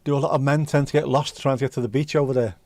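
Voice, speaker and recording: A man's voice: medium pitch, steady tone, rapid-fire, darkish tone, dry recording. A man from North West England, hosting a casual livestream and bantering with chat comments. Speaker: livestream host.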